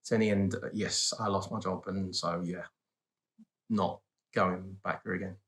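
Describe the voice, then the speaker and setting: A man talking in a calm, laid-back way as he joins his wife's vlog. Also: sits low, normal speed. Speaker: co-host, husband. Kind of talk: casual chat.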